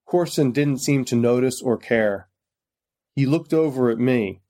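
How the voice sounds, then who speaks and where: A man reads a gritty crime novel aloud in the first person. His storytelling is plain and steady, at a mid-range pitch for a man. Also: a little slow. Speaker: narrator. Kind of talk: first-person audiobook narration.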